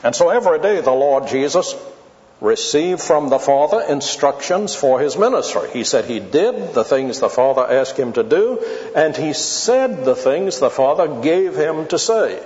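Male Bible lecturer, slightly high voice, deliberate and emphatic, lo-fi recording. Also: expressive, a little mellow. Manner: deliberate, emphatic, stretches key words. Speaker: Bible teacher. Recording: dull lo-fi tape in a reverberant hall.

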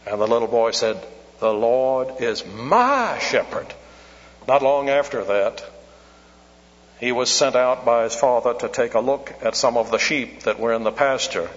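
A man preaching a sermon in an earnest way, his voice rising and falling for emphasis. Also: medium pitch. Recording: echoey hall, dull lo-fi sound.

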